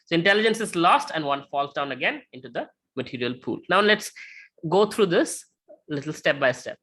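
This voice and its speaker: A man giving a lecture with slides, talking conversationally and often checking in with a quick "right?". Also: fairly high pitch, expressive, sharp tone. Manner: tells illustrative stories.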